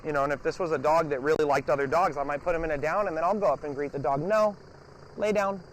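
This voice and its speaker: A man with a slightly high voice teaches outdoors while he trains a lively dog. He talks his methods through in a relaxed way, then cuts in with short, firm commands. A faint noise sits under the recording. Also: rapid-fire. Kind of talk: hands-on training demonstration.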